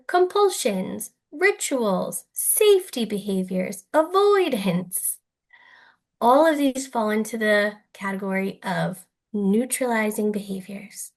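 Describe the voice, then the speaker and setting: A woman leading a virtual workshop as a clinical trainer, talking in a lively, playful, chatty way with strong emphasis, over a video call. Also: mid-range voice, slow.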